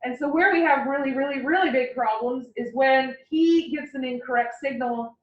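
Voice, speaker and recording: A woman anatomy instructor giving a classroom lecture, explaining with playful, animated analogies. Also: high voice, moderate pace, slight background noise. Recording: roomy, distant, dull lecture recording.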